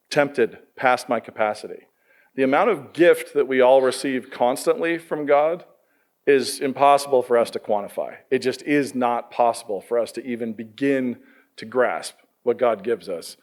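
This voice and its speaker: Middle-aged male pastor, casual and lively sermon delivery, quizzes his student audience. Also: medium pitch.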